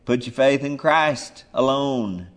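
A man preaching a sermon, emphatic, swinging between soft murmurs and loud urgent calls. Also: medium pitch, slow pace.

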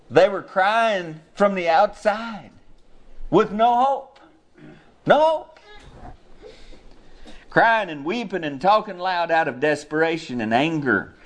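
A man preaching a sermon, passionate, climbing into high, loud cries when he quotes scripture. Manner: impassioned, rises to high cries when quoting. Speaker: pastor.

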